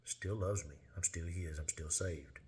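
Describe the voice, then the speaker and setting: A man telling a personal testimony in an earnest, plain-spoken way with halting pauses. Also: low voice, darkish tone, slight background noise. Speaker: lay minister sharing testimony.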